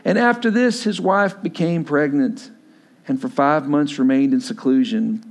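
A young adult man preaching a sermon as pastor, telling a personal story and building to loud, emphatic exhortation. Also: a little high, a little slow.

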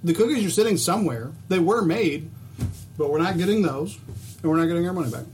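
A man's voice: a little high, lively intonation, fast talker, a little mellow. A man co-hosting a casual chat, blunt and swearing freely. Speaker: podcast co-host. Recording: faint background noise.

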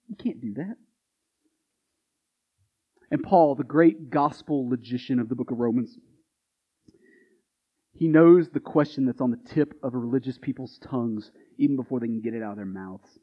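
A man's voice: mid-range voice, animated, moderate pace, long pauses, husky. A male Baptist pastor preaching a sermon in a conversational, emphatic style full of rhetorical questions, on a dull recording.

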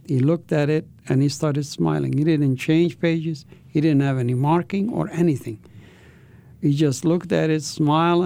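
A man's voice: on the high side, creaky, dark tone. A man, an interview guest, telling his life story with an intense, earnest manner.

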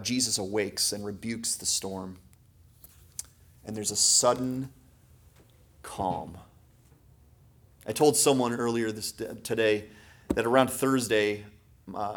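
Husky-voiced male pastor preaching. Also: fairly low pitch. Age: adult parent. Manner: dynamic preaching, swings from hushed to emphatic. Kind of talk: sermon.

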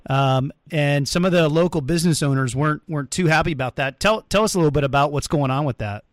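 Male podcast host, earnest, a bit high-pitched, dry close sound. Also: fast talker, dry recording. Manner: earnest, many fillers and restarts. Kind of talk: casual interview talk.

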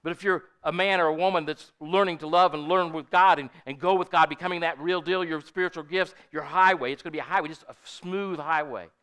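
A man's voice: on the high side, fairly even intonation, brisk, hardly any pauses, bright, forceful tone, clear, resonant tone. An older man preaching a sermon in a folksy, storytelling way, often asking his congregation "Amen?". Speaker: pastor.

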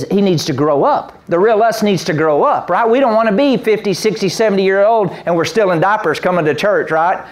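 A man preaching a sermon as pastor, animated, acting out voices with the congregation answering. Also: high voice. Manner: animated, acts out voices and sheep bleats. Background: congregation responses.

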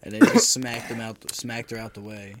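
A man's voice: lowish voice, little pitch movement, moderate pace. A man co-hosting a podcast in a laid-back, mumbling way. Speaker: podcast co-host. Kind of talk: casual chat.

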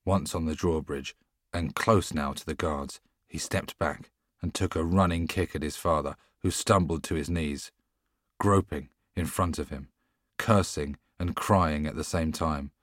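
A man narrating an audiobook in a measured, steady storytelling manner. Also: a bass voice, dry recording, studio quality. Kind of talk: scripted narration.

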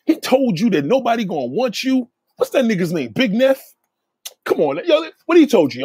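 A man's voice: normal speed, slightly rough, dry recording. Profane, ranting male streamer. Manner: animated, swinging pitch. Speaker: channel host reacting to viewers. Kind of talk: heated live commentary.

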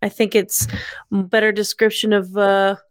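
A woman's voice: medium pitch, flat delivery, moderate pace, no echo, clean studio sound. A woman co-hosting a casual chat, adding wry, agreeable asides.

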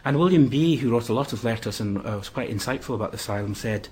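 A man giving a history lecture, pausing often with "uh" fillers between phrases. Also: fairly low pitch, steady tone, darkish tone, husky. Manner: hesitant, many "uh" fillers.

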